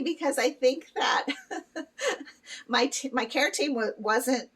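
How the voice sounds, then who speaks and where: A middle-aged woman chatting candidly to her viewers in a casual vlog, full of fillers and quick laughs. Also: sits high, a bit bright, husky, far from the mic, poor audio. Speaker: vlogger. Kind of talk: casual chat to camera.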